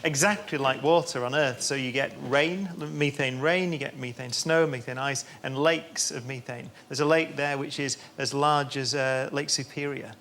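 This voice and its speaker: A man's voice: medium pitch, steady tone, moderate pace, hardly any pauses, a bit bright, a little hiss or hum. A man on a comedy panel show explaining a science fact eagerly, with stumbling restarts.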